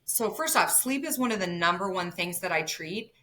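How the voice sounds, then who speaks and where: A woman guest in a podcast interview, explaining brain science in lively conversational talk, often checking in with "right?" and acting out quotes. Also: lowish voice, moderate pace. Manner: animated, explains with everyday analogies, says "right?" often. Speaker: neurofeedback clinic executive, guest.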